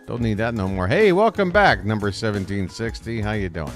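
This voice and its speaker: A man's voice: lowish voice, expressive, a little fast, faint music behind. A man calling a baseball game as a fan streamer, chatty and self-deprecating, talking straight to his chat on a close desk microphone. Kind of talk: live fan play-by-play commentary.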